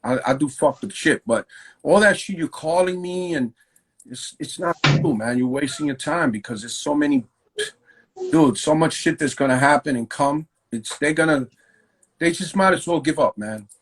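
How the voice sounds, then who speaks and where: A graffiti writer telling stories in a loose, profane, slang-heavy way during a casual interview. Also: male voice, fairly high pitch, normal speed, breathy edge, rough recording. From New York.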